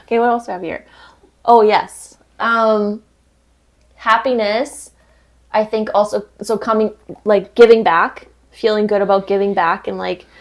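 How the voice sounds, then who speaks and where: A woman co-hosting a podcast in casual chat over drinks, talking fast with lots of fillers and frequent laughter, recorded on an indoor podcast set. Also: medium pitch, steady tone. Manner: chatty and giggly, many "like" fillers. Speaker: podcast co-host.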